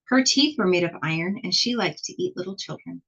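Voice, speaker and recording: A woman reading a children's picture book aloud in an expressive, slow storytelling manner. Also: lowish voice, slightly rough, highs cut off. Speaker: storybook reader.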